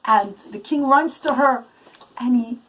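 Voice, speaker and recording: A woman telling a bedtime story to children with puppets, pausing now and then to settle the kids. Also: fairly high pitch, fairly bright tone, slightly rough, low-quality recording.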